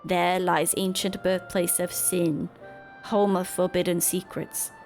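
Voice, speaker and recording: A woman's voice: lowish voice, flat delivery, takes it slowly, darkish tone, faint music behind. A woman voicing a solemn birdlike tribal elder with broken, formal country-bumpkin speech.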